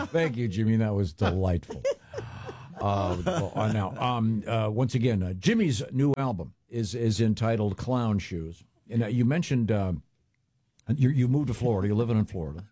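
A male radio host chatting in the studio, hesitant with many fillers and quick to laugh. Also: on the low side, expressive, mellow, breathy edge, no room sound. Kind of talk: casual studio chat.

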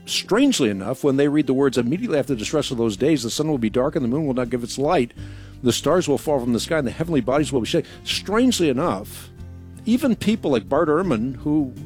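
Husky emphatic male radio Bible teacher. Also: medium pitch, darkish tone. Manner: emphatic, explanatory, rises on key words.

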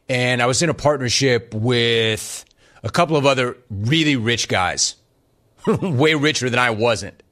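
A middle-aged man hosting a talk show, ranting emphatically in an animated monologue. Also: medium pitch. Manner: emphatic, riffs and rants, acts out quotes. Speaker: radio talk show host.

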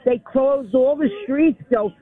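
A woman's voice: high-pitched, a little slow. A woman in her eighties from the Bronx, calling in to a radio show and chatting on, often repeating the host's name. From the Bronx, New York. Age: 80s. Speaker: phone-in caller. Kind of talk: casual phone chat. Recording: tinny phone line.

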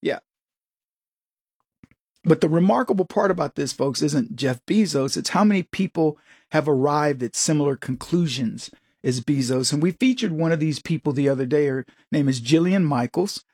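A man's voice: moderate pace, breathy edge, dry recording, studio quality. A middle-aged American man hosting an opinionated commentary show, talking animatedly and jumping into quoted voices. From United States. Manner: animated, jumps into higher-pitched quoted voices.

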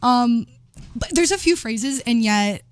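Bubbly high-voiced young woman. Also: animated, clear, resonant tone, dry recording. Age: young adult. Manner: bubbly, laughs often, quick asides. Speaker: podcast co-host. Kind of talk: casual chat.

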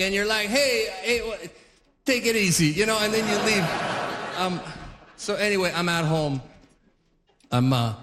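High-voiced male comic in his forties, rambling, long hall reverb. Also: noisy background. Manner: rambling, self-interrupting, chuckling. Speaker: stand-up comedian. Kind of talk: stand-up comedy.

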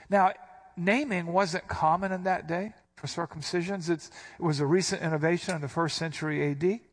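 A man's voice: fairly high pitch, normal speed, a bit bright. A man preaching a sermon, explaining scripture verse by verse with emphatic stresses. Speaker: pastor.

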